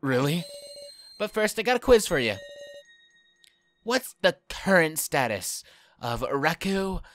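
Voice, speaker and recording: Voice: mid-range voice, big pitch swings, slow pace, fairly bright tone. A let's play voice actor playing a smug, taunting captor who mocks the other characters in a game. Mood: mocking. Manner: mocking, singsong quiz-show teasing.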